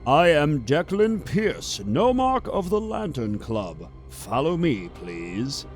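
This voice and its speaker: A man's voice: fairly high pitch, huge pitch swings, takes it slowly, soft background music, voice pushed up, full character voice. A man voicing a stately, triumphant male gala chairman in a grand, theatrical manner. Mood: welcoming.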